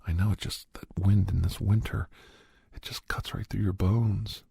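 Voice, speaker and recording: A very husky, gravelly man speaks low and close in a whispered role-play. He plays a counselor who rambles and coaxes in a half-whisper. The sound is dry and close to the mic. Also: steady tone, moderate pace, mellow, no room sound.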